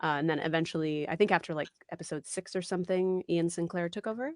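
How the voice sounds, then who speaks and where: A woman in her thirties, a voice actress giving an interview, talking in an animated, chatty way with many fillers. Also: fairly low pitch, fast talker, dry recording, clean studio sound. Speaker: voice actress guest. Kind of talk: casual interview chat.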